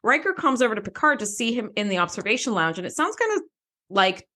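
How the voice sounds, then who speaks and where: A woman co-hosting a casual podcast, recapping an episode in an animated way, laughing often and acting out characters' lines. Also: medium pitch, fast. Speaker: podcast co-host.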